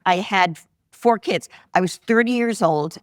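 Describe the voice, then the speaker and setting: Woman in her sixties, lively anecdotes, mid pitch, dry close sound. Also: a little slow, no room sound. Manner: animated anecdotes, acts out quoted voices. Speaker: guest investor. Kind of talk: live podcast interview storytelling. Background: live audience laughter.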